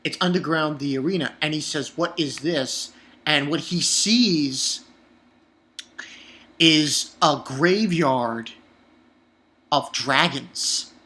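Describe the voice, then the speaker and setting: A man reviewing a manga chapter in an excitable, profane, rambling way. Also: fairly high pitch, slow, long pauses. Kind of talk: casual online review.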